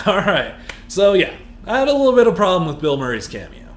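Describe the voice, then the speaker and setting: A man with a high voice reviews a film in a heated, profane rant. His words echo off the room around him. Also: huge pitch swings, fairly quick. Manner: heated and profane, escalating into shouted rants. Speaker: movie reviewer. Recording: echoey room.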